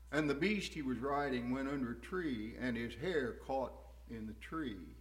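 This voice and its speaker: A man preaching a sermon, his delivery swinging from hushed, tender lows to ringing, fervent highs.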